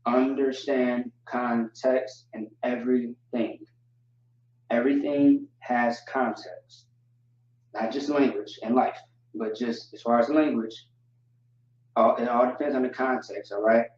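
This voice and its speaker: A man teaching a livestream lesson, explaining slowly and deliberately with frequent fillers. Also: medium pitch, fairly even intonation, a little mellow. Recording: distant, echoey and dull lo-fi audio.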